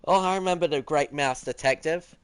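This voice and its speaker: A man's voice: on the high side, a little fast, clear, resonant tone, no echo. A teenage boy streaming a game, chatting casually and teasingly as he answers his viewers. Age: teens. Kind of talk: casual chat while gaming.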